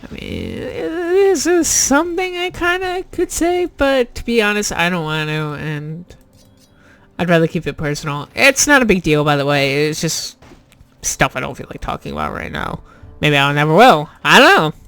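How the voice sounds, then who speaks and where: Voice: mid-range voice, sing-song, moderate pace, vocal fry, fairly bright tone, clear, resonant tone, no echo. Youtuber rambling over a let's play, lots of "like" and restarts, swears, dry close mic. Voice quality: rambling, full of restarts and fillers, self-deprecating, swears. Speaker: YouTuber playing a game. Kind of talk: casual let's play commentary.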